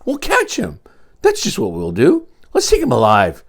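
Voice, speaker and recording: A man squeaking as loud, amazed storybook hunters. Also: wildly swooping pitch, moderate pace, vocal fry, full character voice. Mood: scheming. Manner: high, loud and exclaiming.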